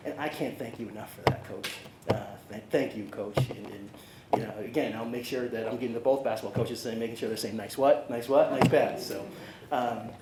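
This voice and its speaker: A middle-aged man giving an emotional press conference speech as a new athletics director, halting and earnest, with many fillers and restarts. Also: fairly low pitch, steady tone. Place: large conference hall. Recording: echoey hall with loud noise.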